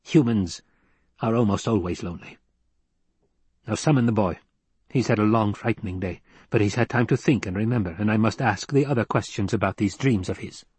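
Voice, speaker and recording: A man's voice: on the low side, fairly quick, breathy edge, no echo. A man voicing a stern, domineering old woman elder in an audiobook reading, with a commanding, clipped manner. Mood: probing. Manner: commanding and clipped, softening at times.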